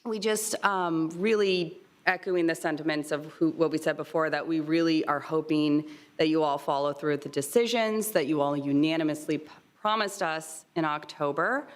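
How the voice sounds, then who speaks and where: A woman in her thirties as a low-pitched resident at a council meeting podium, hesitant, sincere. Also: moderate pace. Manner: hesitant, many ums, sincere pleading. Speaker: resident speaking at public comment. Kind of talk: public comment at a city meeting. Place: city commission chamber.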